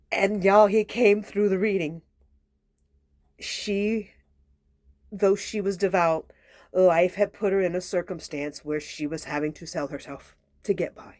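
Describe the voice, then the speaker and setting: A woman, telling a personal story in a chatty, sassy way, talking straight to her viewers and sometimes dropping to a soft near-whisper. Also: lowish voice, steady tone, a little slow, no room sound, studio quality. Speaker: tarot reader and channel host. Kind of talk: casual spoken storytelling.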